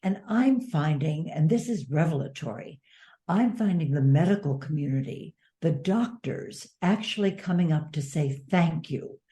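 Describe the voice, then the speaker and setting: An older woman author speaking in an interview, earnest and measured. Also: low voice, animated, mellow. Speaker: author and advocate. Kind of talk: interview conversation.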